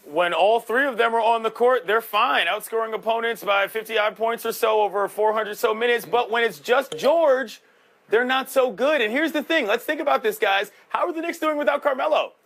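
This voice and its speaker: A male sports panelist builds his argument out of rhetorical questions aimed at the others. His voice sits strikingly high for a man. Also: normal speed, a bit bright. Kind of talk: sports debate commentary.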